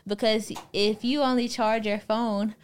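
Woman on a podcast, smooth voice, says "like" a lot, relaxed chat. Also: fairly high pitch, measured pace. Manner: uses many "like" fillers. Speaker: podcast co-host.

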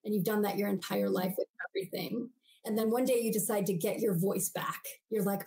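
A woman's voice: mid-range voice, fairly even intonation, fairly quick, gravelly, warm tone, rough recording. A woman guest on a podcast interview, explaining ideas animatedly and acting out everyday voices as she goes.

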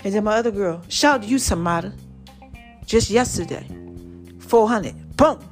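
A woman's voice: medium pitch, normal speed, soft background music. A woman hosting her own podcast, telling a personal story in a chatty, testifying way and acting out her friends' lines. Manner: chatty, testifying, quotes friends in lively voices. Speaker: podcast host.

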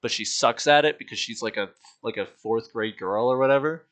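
Brisk and a bit bright in the mid-range, a young man recounts a story from his childhood on a laid-back podcast. He laughs a lot and does the voices of the people involved.

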